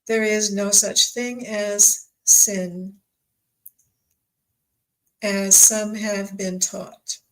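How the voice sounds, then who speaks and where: Gentle spirit guides address the living in unhurried, measured phrases, voiced by a woman in her own register. The delivery is calm and reassuring, with long pauses between words. It sounds like a spiritual channelling session. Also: mid-range voice, lightly acted, low-quality recording. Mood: solemn. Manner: slow, measured, reassuring pronouncements. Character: calm group of spirit guides speaking as one.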